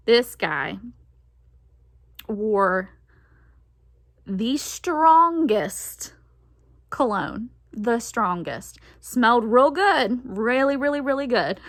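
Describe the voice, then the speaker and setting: A woman's voice: a little high, a bit bright, no echo, studio quality. A young woman telling a story from her teens in a casual, chatty way, laughing often and acting out the voices she quotes. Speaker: vlogger.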